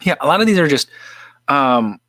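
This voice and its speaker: A man's voice: a little high, normal speed, no echo. A man hosting a casual livestream, chatting loosely with many fillers and reading out viewer comments. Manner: relaxed and rambling, with many fillers. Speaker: livestream host. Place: home studio in the American Midwest.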